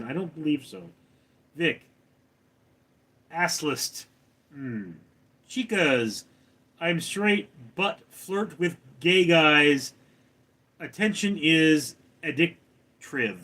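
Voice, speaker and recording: Male streamer with a fairly high voice and an unhurried pace, reads chat aloud and answers with dry jokes. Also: expressive, a bit bright. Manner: reads viewer comments aloud and answers them, wry and joking. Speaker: livestream host reading chat. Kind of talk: casual live chat.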